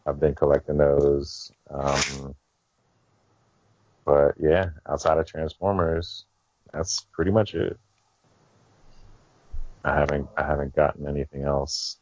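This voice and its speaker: A man co-hosting a podcast who talks casually and haltingly with many fillers, over muffled audio. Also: very deep voice, steady tone, darkish tone. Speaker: podcast co-host. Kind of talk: casual chat.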